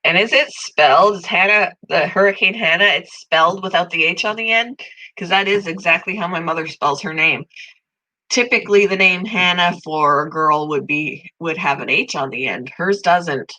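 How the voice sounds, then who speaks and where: A woman's voice: lowish voice, normal speed, low-quality recording. A middle-aged woman hosting a casual live-stream chat, congested and tired, talking easily with viewers by name. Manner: chatty, talks to viewers by name, coos softly over pets. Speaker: channel host.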